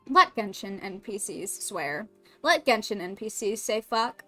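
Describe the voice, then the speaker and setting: Animated American woman streamer. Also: mid-range voice, measured pace, soft background music. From United States. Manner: animated, laughing, swears casually. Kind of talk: casual game stream commentary.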